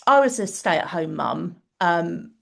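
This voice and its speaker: A woman's voice: lowish voice, expressive, slow pace, gravelly, fairly bright tone. A middle-aged woman, a guest on a podcast, chatting with many fillers and hesitations. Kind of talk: casual chat.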